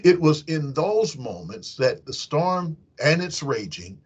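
A man's voice: a little high, big pitch swings, slow pace, breathy edge. A man giving a devotional meditation as a hospital chaplain, talking in a conversational way and correcting himself as he goes. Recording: dull lo-fi recording.

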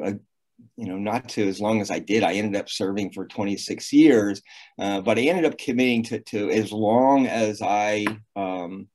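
A man in his sixties, recounting his navy years at an easy conversational pace. His voice sits fairly low, and he stumbles over fillers and restarts as he gathers his thoughts. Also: a little mellow. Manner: hesitant, many fillers and restarts. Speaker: guest. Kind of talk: casual storytelling interview.

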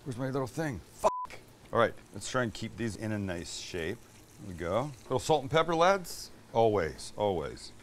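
A man's voice: fairly low pitch, very animated, moderate pace, slight background noise. Chatty man cooking at the stove. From Canada. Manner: chatty and enthusiastic, swears casually. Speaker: cooking show host. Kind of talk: casual cooking demonstration. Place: home kitchen, cooking at the stove.

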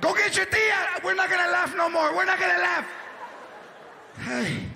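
A man voicing a gasping older uncle with chest pain, pleading in a high strained voice. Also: expressive, moderate pace, creaky, background noise, exaggerated voice. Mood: gasping plea. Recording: live stage with loud crowd.

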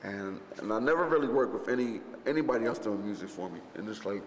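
A fast-talking man with a lowish voice recalls a film shoot in a relaxed interview, with slight hiss or hum, faint ambience and long reverb from an echoey hall. His telling is rambling and profane, crowded with fillers and restarts, and he performs other people's lines as he goes.

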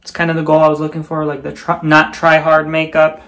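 A man vlogging casually while getting ready, chatty and playful, often dropping into quiet muttered asides. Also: a little high, monotone, a little fast. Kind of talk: casual get-ready-with-me vlog.

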